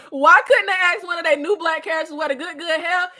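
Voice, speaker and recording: Hosting a laid-back live-stream recap, a woman with a very high-pitched voice chats in animated slang and laughs often, her nose stuffed up and her throat scratchy.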